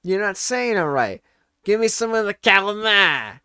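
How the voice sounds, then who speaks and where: A man's voice: high voice, sharp tone, clean tone, dry recording, clean studio sound, voice pushed up, heavily acted. A man voicing his middle-aged mother as a bossy know-it-all who scolds people and draws out her words. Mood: scolding. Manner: indignant, scolding, drawn-out.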